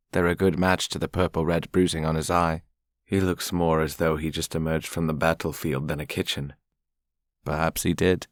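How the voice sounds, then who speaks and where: Deep-voiced man narrating a romance audiobook. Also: no room sound, clean studio sound. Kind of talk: scripted narration.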